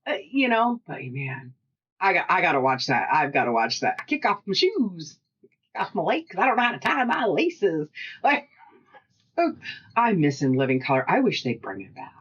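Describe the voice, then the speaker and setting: A middle-aged woman co-hosting a casual chat, telling animated stories, acting out what people said, and laughing often. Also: on the low side, moderate pace, husky, lo-fi sound. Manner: animated storyteller who acts out quotes and laughs often. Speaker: podcast co-host and shop owner.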